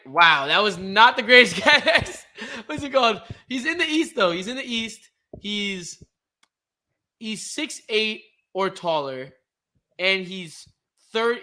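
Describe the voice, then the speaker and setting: A young man co-hosting a casual sports podcast, excitable and quick to trash-talk, on a computer mic. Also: high voice. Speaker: podcast co-host.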